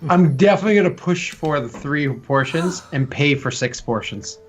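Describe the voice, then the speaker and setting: A man's voice: fairly high pitch, expressive, moderate pace, highs cut off. A man from the United States, a player in a tabletop game, joking and eager as he talks about his character's actions. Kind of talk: casual tabletop play.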